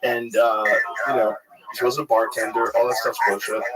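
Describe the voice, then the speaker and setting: A man's voice: medium pitch, moderate pace, crowd noise, rough recording. A middle-aged man hosting a podcast, chatting casually and telling stories with swearing. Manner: profane, animated storytelling. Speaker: podcast host. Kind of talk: casual chat.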